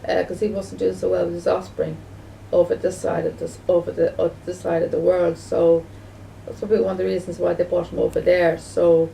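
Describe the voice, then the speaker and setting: A woman vlogging in a gravelly, dark-toned voice. She rambles, circles back and repeats herself, often restarting her sentences. The mic sits a distance away, with a faint hum of background noise. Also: on the low side, flat delivery, a little fast, hardly any pauses. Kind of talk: casual home video talk.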